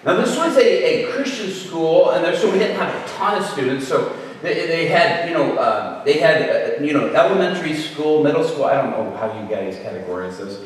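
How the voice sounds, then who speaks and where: Animated man preaching in an echoey hall. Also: fairly high pitch, normal speed, recorded from a distance. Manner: animated storytelling, acts out voices. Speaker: guest speaker. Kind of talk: humorous preaching story.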